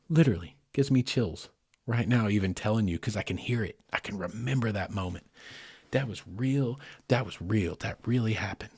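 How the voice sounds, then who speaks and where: A middle-aged man spins a spoken story for his podcast audience, lively and chatty, turning to his listeners every so often. His voice sits low and a little husky, recorded close and dry. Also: no echo. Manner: animated, talks to listeners directly. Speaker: podcast host.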